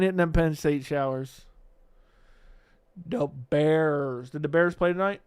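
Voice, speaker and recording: A man's voice: on the high side, steady tone, a little slow, darkish tone, smooth. Brash, profane man on a livestream. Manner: brash, profane, rants at viewers; reads viewer comments aloud. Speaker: livestream host. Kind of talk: casual live stream chat.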